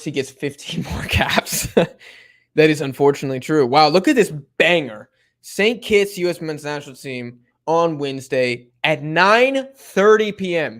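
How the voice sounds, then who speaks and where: A man's voice: medium pitch, a bit bright. Laid-back young man streaming a match. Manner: laid-back slang-heavy chatter, many fillers. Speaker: watch-along streamer. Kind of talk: casual live stream commentary reading chat.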